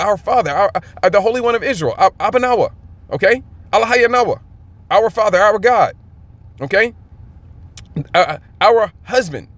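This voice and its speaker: A man's voice: high-pitched, a bit bright. A man teaching scripture in a fired-up, emphatic way, often checking in with his listeners. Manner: emphatic, keeps checking in with "okay?". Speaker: Bible teacher.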